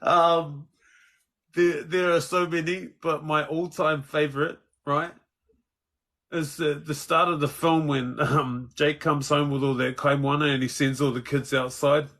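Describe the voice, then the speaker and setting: A man's voice: a little high, level tone, measured pace, fairly bright tone. A New man chatting casually as a guest, laughing often and quoting film lines. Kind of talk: casual chat.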